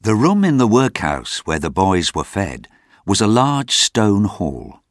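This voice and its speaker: Low male narrator, animated storybook reading, dry booth sound. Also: no room sound. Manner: lively, expressive storytelling. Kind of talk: reading a graded story aloud.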